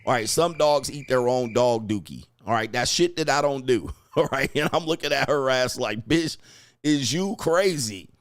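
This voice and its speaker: A man's voice: medium pitch, moderate pace, hardly any pauses, a bit bright. A man coaching and commenting on clips in a crude, mocking way, laughing often. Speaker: dating coach.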